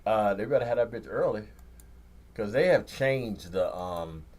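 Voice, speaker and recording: A man's voice: on the low side, expressive, a little slow, darkish tone, a little hiss or hum. A man hosting a radio talk show, chatting in a laid-back, rambling way with frequent restarts. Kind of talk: casual chat.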